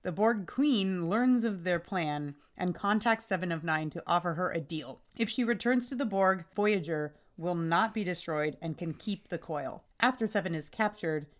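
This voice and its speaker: Animated woman co-hosting a podcast. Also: fairly low pitch. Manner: animated, acts out quotes, laughs often. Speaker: podcast co-host. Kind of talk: casual podcast chat.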